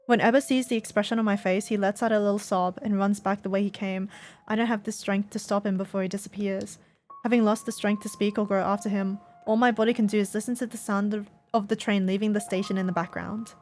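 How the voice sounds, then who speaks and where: A woman reads a visual novel aloud on a live stream, narrating steadily and at times breaking into loud, laughing outcries. Her voice sits at middle pitch. Faint game music plays behind her. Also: fairly even intonation, brisk.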